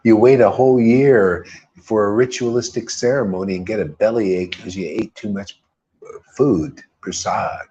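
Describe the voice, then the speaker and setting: A man's voice: fairly low pitch, normal speed, warm tone, slightly rough, lo-fi sound. A man leading a devotional group, giving an informal spiritual talk full of emphatic repetition and rhetorical questions.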